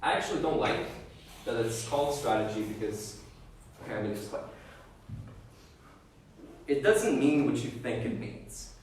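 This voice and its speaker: A man's voice: mid-range voice, very animated, moderate pace, long pauses. Lecturing man in an echoey room. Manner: explains with repeated checks like "okay?" and "right?". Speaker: debate lecturer. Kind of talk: classroom lecture. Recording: echoey room, voice far from the mic, faint background noise.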